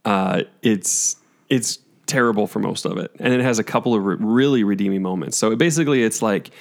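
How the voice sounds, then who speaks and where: A man's voice: lowish voice, fairly quick, gravelly. A man hosting a podcast, moving through the categories with sarcastic remarks. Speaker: podcast host. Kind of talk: casual chat.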